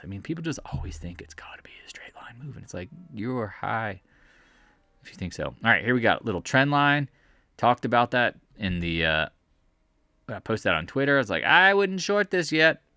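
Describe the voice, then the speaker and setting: A man's voice: lowish voice, bright, forceful tone, no echo. A man giving a casual, rambling, jokey commentary while reviewing stock charts at home. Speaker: market commentator.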